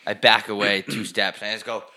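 A man co-hosting a crude comedy podcast, congested and sick, trading jokes with loud bursts and deadpan quips. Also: on the low side, a little fast. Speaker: podcast co-host.

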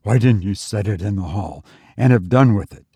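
A man voicing a sharp middle-aged sister. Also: lowish voice, moderate pace, creaky, slightly rough, dry recording, full character voice.

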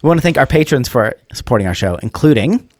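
A man's voice: medium pitch, animated, quick pace, a little mellow, dry recording, clean studio sound. A man co-hosting a podcast in casual chat, rambling and joking with lots of hedges. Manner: rambling, hedging with fillers, joking. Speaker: podcast co-host.

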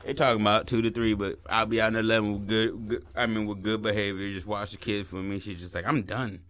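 A man's voice: fairly low pitch, level tone, quick pace, fairly bright tone. A man co-hosting a podcast in casual chat, joking playfully and acting out what others say. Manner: joking, playful, acts out quoted lines. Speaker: podcast co-host.

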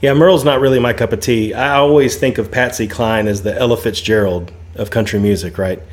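A man co-hosting a casual talk show, easygoing and quick to laugh. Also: mid-range voice, steady tone. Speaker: co-host. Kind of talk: casual chat.

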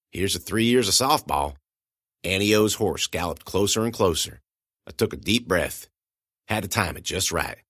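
A man narrating a first-person audiobook with lively, expressive storytelling. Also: lowish voice, no room sound, clean studio sound.

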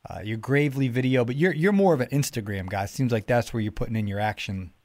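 A man's voice: medium pitch, fast, a little mellow, no room sound. A man from Georgia, hosting a podcast in a casual, folksy chat, often repeating his words. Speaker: podcast host.

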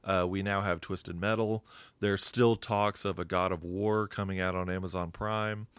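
A man's voice: low voice, steady tone, moderate pace, fairly bright tone, clean tone, no echo. A man co-hosting a podcast in a casual chat, who explains at length with fillers and self-corrections. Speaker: podcast co-host.

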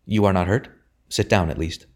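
A man's voice: low voice, normal speed, lightly acted. A man reading an audiobook voices an anxious, earnest young woman who asks urgent, pleading questions.

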